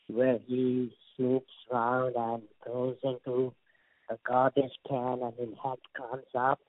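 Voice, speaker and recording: Older Indian-accented actor, rambling storyteller who stammers through restarts; dry, tinny phone-line sound. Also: male voice, mid-range voice, dry recording. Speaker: guest actor. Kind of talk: casual interview storytelling.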